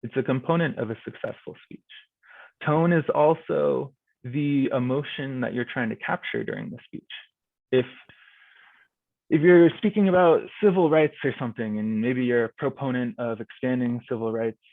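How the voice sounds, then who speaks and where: At a virtual club meeting, a young guest speaker gives an informal talk on how to judge speech events, filling it with "like" and "kinda." His medium-pitched voice runs at normal speed with no echo, through thin, phone-like video call audio.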